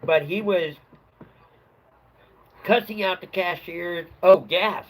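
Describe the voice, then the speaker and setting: A middle-aged man chats on his livestream, voice sitting a little high for a man. He rambles loosely through an old work story and laughs at his own punchlines. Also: slow pace, fairly bright tone, slight background noise, poor audio. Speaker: livestream host. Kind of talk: casual storytelling chat.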